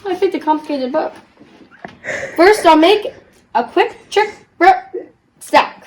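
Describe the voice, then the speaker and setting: A woman's voice: extremely high pitch, lively intonation, takes it slowly, a little hiss or hum, low-quality recording. A woman reading a children's rhyming book aloud as a guest reader, playfully joking about stumbling over the tongue twisters.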